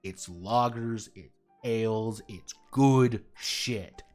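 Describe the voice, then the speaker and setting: A man's voice: fairly low pitch, very slow, darkish tone, soft background music. A man streaming live, chatting casually and ranting with lots of swearing and jokes. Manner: profane, ranting, jokey.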